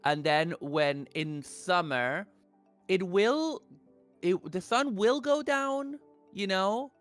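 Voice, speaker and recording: A man's voice: high-pitched, fairly bright tone, faint music behind. A man from Argentina chatting casually as a stream guest on an online call, rambling and restarting his sentences often. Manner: rambling, halting, with many restarts. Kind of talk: casual chat.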